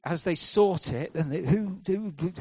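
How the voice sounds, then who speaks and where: Impassioned preacher with a dry, close sound. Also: male voice, high-pitched, unhurried, breathy edge, no room sound. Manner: dramatic swings from hushed to loud, acts out voices. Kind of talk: sermon.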